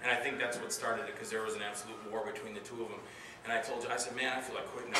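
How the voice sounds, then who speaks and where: A man answering audience questions at a convention panel, telling animated stories and acting out the dialogue with loud outbursts. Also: medium pitch, rapid-fire. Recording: roomy hall, distant mic, noisy.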